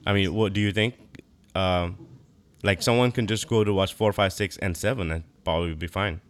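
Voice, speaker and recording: A man co-hosts a casual podcast chat in a low voice. He rambles, loses his thread and fills gaps with ums and likes. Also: normal speed. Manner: rambling, lots of fillers. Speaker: podcast co-host.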